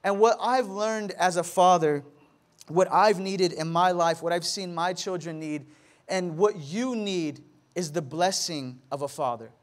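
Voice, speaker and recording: A man's voice: high voice, measured pace. A man in his thirties preaching as a pastor, telling stories animatedly with frequent repetitions. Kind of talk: sermon.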